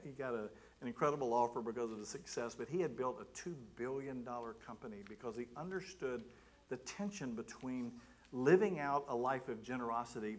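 A middle-aged man giving a sermon, telling a personal story in an animated way and acting out his own thoughts. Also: mid-range voice. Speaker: guest preacher.

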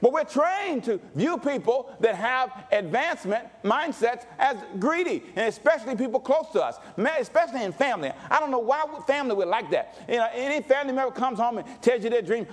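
A male pastor preaching a sermon with call-and-response, dropping to low asides and rising to shouts. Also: animated, fairly quick, few pauses.

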